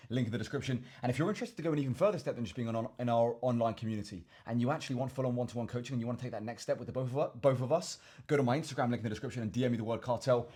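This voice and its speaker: Young English male fitness vlogger, rapid delivery, slightly husky voice, chatty rambling Q and A host. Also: medium pitch, mellow. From England. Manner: rambling, repeats words, addresses viewers as chaps. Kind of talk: casual Q and A to camera.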